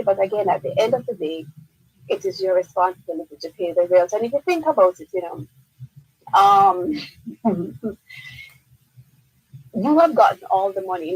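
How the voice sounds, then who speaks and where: A woman with a Jamaican accent, a lawyer, answers listener questions on a radio call-in legal advice show from a radio studio. Her mid-range voice is darkish and slightly rough, in a rough recording without echo. She explains firmly and repeats key points.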